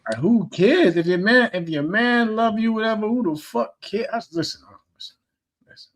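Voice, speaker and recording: A man's voice: sits high, expressive, normal speed. A man co-hosting a podcast, talking bluntly in slang with emphatic repeats. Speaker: podcast co-host. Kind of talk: casual chat.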